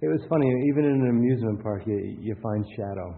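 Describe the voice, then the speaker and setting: A man's voice: fairly low pitch, quick pace. A man giving a lecture with anecdotes in a rambling, conversational way, often restarting his sentences. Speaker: workshop lecturer. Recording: tinny phone-like sound with faint hiss.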